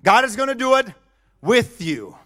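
A man's voice: extremely high pitch, very animated, moderate pace, sharp tone. A man preaching a sermon in a conversational way, chuckling often and asking the audience questions.

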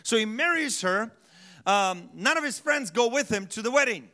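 A male pastor gives a sermon in a loose, conversational way, stopping often to quiz the congregation. His voice sits high and comes across bright and forceful. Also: animated, normal speed.

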